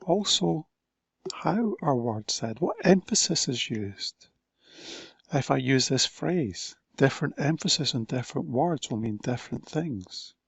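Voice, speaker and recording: A man giving a recorded conference talk, speaking slowly and deliberately with pauses between phrases. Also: mid-range voice, expressive, gravelly, breathy edge, dry recording.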